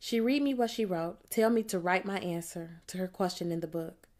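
A woman reads a novel aloud in the first person, keeping her delivery plain and measured. Her voice sits a little below most women's. She sounds steady and unhurried as she narrates. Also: lowish voice. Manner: plain, measured storytelling in the voice of a teenage girl. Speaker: audiobook narrator.

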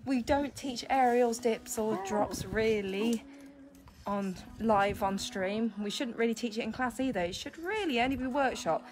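A woman's voice: on the high side, unhurried. A woman, a dance teacher, chatting casually outdoors on a live stream and laughing often.

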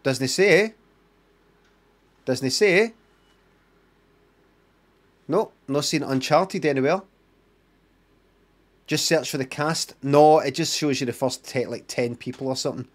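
A man's voice: a little high, a little slow, pauses often. A man with a Scottish accent chatting, muttering and swearing through his live-stream commentary.

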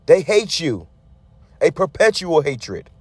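A man with a fairly high, slightly rough voice takes it slowly, his delivery sing-song. As a street preacher, he reacts to a news clip with an angry, sermon-like tirade that is blunt and profane, restarting often and leaning on a repeated tag word.

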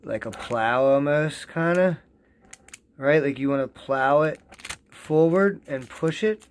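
Excitable rambling man demoing at home. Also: on the high side, slow. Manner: excitable, rambling, repeats himself. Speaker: home rosin-press vlogger. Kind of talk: casual how-to demo. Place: home basement.

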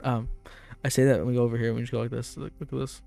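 A man's voice: mid-range voice, little pitch movement, racing, creaky, dark tone, soft background music. A young man giving casual gameplay commentary in a boastful, playful, hyped-up way, repeating himself for fun. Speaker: gaming YouTuber.

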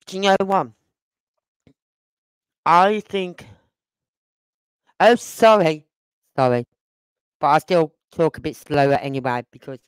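In a smooth, clean, mid-range voice, a YouTuber delivers live-stream commentary, driving points home with rhetorical questions and repetition. Now and then the speaker apologizes for rushing. The sound is close and dry, free of room echo.

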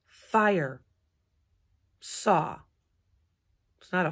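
A woman with a husky, somewhat low voice leads a recorded lesson for small children. She talks in a bright, sing-song, encouraging way, swooping her voice to keep young listeners engaged. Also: animated, slow, long pauses. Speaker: kindergarten teacher.

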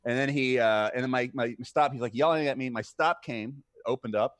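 Co-hosting a casual stream, a man tells stories in an animated way, acting out the voices of the people in them and swearing casually. His voice is medium-pitched and brisk, and the recording is dry.

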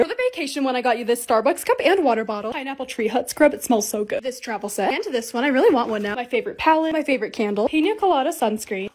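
Bubbly fast-talking young woman vlogger. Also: high voice. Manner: bubbly, gushing, quick and excitable. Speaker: TikTok creator. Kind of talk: casual vlog voice-over.

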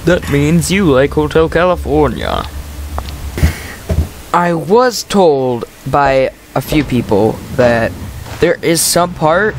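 A man commenting live as he plays a horror game, jokey and quick to shriek when startled. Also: fairly high pitch, very animated, a little hiss or hum. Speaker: gamer playing a horror game.

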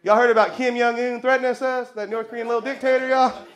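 A man's voice: very high voice, level tone, fast. A Texan man doing a stand-up set in a comedy club, drawling and laughing through his own jokes. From Texas. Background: audience laughter.

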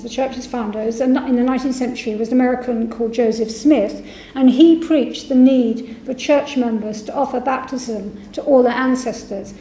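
A woman's voice: fairly high pitch, dark tone. A woman giving a public university lecture, reading testimonies aloud and voicing the quoted speakers. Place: lecture hall. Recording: echoey lecture hall.

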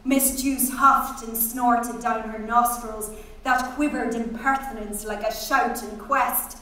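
A woman's voice: a little high, fairly even intonation, slow pace, sharp tone. A woman giving a dramatic, rhythmic literary reading on stage. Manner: musical, rhythmic, playing with sounds. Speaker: stage reader. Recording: very echoey hall, distant mic.

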